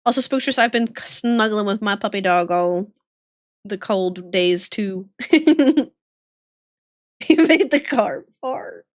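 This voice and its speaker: A woman's voice: medium pitch, animated, takes it slowly, long pauses, no echo, clean studio sound. A woman streamer chatting casually and giggling with her viewers while she draws. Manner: giggly, bubbly, greets chat warmly.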